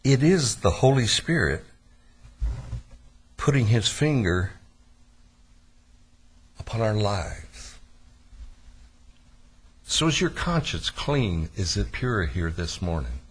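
A man preaching a sermon to his church, telling a story in a lively, deliberate way. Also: fairly low pitch, breathy edge. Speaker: pastor.

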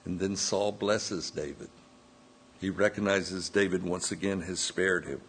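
Slow, husky-voiced man preaching. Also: deep voice, steady tone, a bit bright. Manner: slow, measured retelling with quoted dialogue and self-corrections. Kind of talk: sermon retelling a scripture story.

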